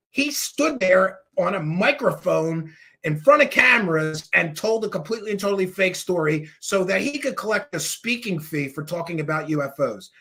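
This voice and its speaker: Angry gravelly-voiced man ranting. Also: on the high side. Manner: angry, mocking, sarcastic, shouts at times. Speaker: host. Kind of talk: ranting commentary.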